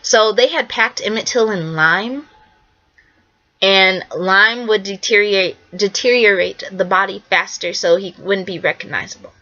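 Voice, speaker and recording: A woman's voice: mid-range voice, a little slow, bright, forceful tone, muffled recording. A young woman artist giving a casual, earnest spoken presentation, repeating herself for emphasis and often acting out quotes. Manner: earnest, repetitive, acts out quotes. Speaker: artist presenting her work.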